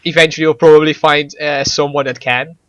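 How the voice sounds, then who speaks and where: A man chatting casually on a gaming show, rambling along with stammers, restarts and frequent laughs. His voice sits a little high. The recording is dry and close. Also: fairly even intonation, brisk, smooth, no room sound, lo-fi sound. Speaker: gaming podcast co-host. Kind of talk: casual chat.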